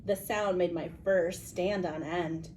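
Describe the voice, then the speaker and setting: A woman reading a children's book aloud with animated storytelling. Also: fairly low pitch, slow, a little hiss or hum, poor audio. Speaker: reader.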